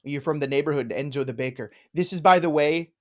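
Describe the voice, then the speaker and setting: A man's voice: a little high, brisk. A man hosting a live fantasy football show, joking around and riffing on names in casual chat. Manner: playful, jokey, riffs on names.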